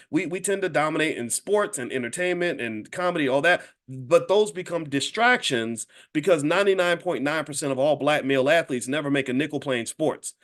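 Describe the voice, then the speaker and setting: Brief: fifties man, slightly high voice, lively anecdotal talk, chatty asides to the crowd. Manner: animated, addresses listeners directly as y'all. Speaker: speaker and wealth educator. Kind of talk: casual storytelling talk to an audience.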